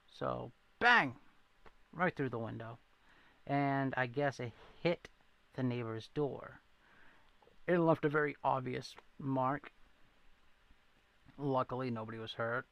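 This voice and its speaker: Man, livestream host, casual chat, gravelly tone, dry close sound. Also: mid-range voice, a bit bright, no room sound. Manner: rambling storyteller, laughs often; says he needs his glasses to read chat.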